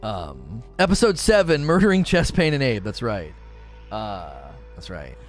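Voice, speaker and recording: A man's voice: fairly low pitch, huge pitch swings, measured pace, soft background music. A man in his thirties chatting casually on a live stream as the streamer, rambling with many fillers and restarts.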